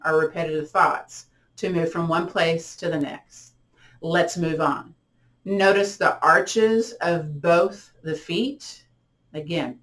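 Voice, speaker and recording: Calm woman guiding slow breathing. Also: lowish voice. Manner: slow, soothing cues with counted breaths. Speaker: yoga and tai chi instructor. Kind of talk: guided breathing and body-scan meditation.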